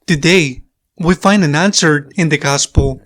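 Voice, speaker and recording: A male priest whose first language is Spanish, giving a sermon in slow, measured phrases that repeat for emphasis. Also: fairly high pitch, a bit bright.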